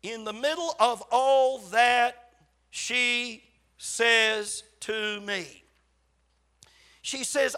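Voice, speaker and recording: A man's voice: very high-pitched, drawn-out words, bright, forceful tone. An older man, a pastor, preaching a sermon and telling stories, acting out quoted conversations with emphatic repetition. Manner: storytelling, acts out quoted dialogue with emphatic repetition.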